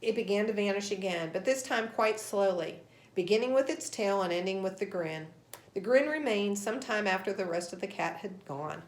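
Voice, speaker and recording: A woman reading a children's storybook aloud in an expressive, animated way. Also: medium pitch, normal speed. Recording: roomy echo.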